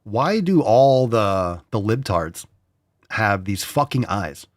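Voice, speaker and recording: Man, podcast host, blunt and profane, very lively pitch, dry studio sound. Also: slow, no room sound. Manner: blunt, profane, mocking voices for emphasis. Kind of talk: casual opinionated chat.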